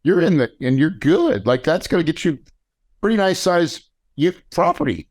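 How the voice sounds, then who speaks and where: A man hosting a podcast in casual chat, energetic and slangy, often checking in with "right?". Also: fairly high pitch, normal speed. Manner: energetic, slangy, thinks aloud with many "right?". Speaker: podcast host.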